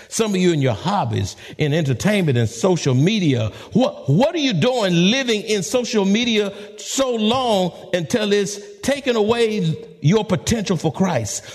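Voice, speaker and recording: A man with a high voice preaching a sermon. He swings from quiet, soft lines up to sudden high, urgent questions, in a dramatic preaching manner. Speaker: pastor.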